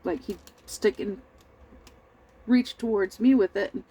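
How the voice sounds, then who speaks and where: A middle-aged woman telling a family story in a rambling, halting way, clearing her throat often and sounding over-tired. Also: mid-range voice, fairly even intonation, dark tone, poor audio. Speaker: crafting vlogger. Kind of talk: casual storytelling while crafting.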